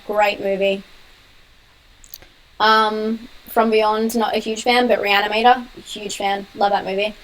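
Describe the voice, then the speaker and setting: A young woman hosting a casual live-stream Q&A on her horror channel. She talks quickly, laughs often and answers viewers' comments. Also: mid-range voice, little pitch movement, low-quality recording.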